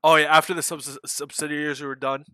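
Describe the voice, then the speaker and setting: Guy running a trading livestream, bright tense voice, rambles and restarts a lot, dry close sound. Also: on the high side, level tone, a little fast, smooth, dry recording. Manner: rambling, swears, laughs, frequent restarts. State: hiccuping. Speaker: day trading livestream host. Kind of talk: casual market chat.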